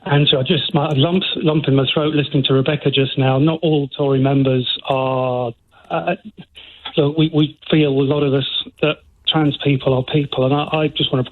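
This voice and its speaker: A man's voice: mid-range voice, fairly even intonation. Man speaking over a tinny phone line. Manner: measured, thoughtful, with hesitations. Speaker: caller. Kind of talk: phone-in call.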